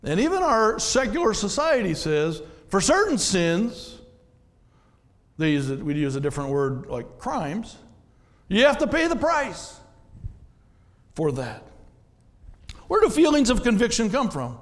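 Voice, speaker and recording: A man's voice: high voice, big pitch swings, a little slow, pauses often, big-room sound. A man, a pastor, preaching a sermon in a conversational way, often asking the congregation questions.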